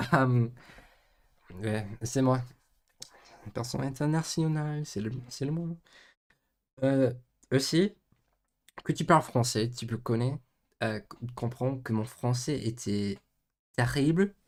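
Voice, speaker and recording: A man chats casually on a livestream while he grinds through homework. His voice sits at a middle pitch. He mutters to himself, swings from loud outbursts to near-whispered mumbles, and slips into silly made-up words and shaky French. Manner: drifts between loud bursts and quiet mumbling; mixes in halting French. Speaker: streamer doing homework.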